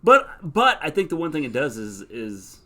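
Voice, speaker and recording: A man's voice: a little high, huge pitch swings, moderate pace, sharp tone. A man co-hosting a casual live-stream recap, hedging his views and talking straight to viewers. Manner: chatty, hedging, talks to viewers. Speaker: co-host.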